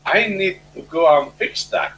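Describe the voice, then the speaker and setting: Blunt man with a lively, bright voice. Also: fairly high pitch, measured pace, rough recording. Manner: blunt, emphatic, swears. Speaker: returning guest. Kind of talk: casual chat. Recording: faint background noise and hum.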